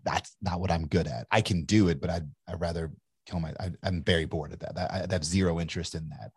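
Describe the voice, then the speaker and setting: A man's voice: sits low, darkish tone, no room sound. A man in his forties from Kentucky, an entrepreneur telling his story in a candid, rambling interview with many restarts. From Kentucky, USA. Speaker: entrepreneur guest.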